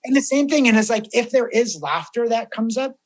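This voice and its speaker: Animated man telling stories on a podcast. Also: extremely high pitch, a little fast. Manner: animated storyteller, acts out quoted voices. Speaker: death doula guest. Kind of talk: casual podcast chat.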